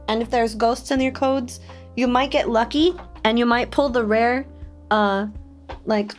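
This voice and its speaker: A young woman streams and chats casually, her voice sitting a little high. She is excitable and breaks into giggles often. Soft music plays faintly underneath. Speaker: VTuber streamer. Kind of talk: casual live-stream chat. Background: faint background music.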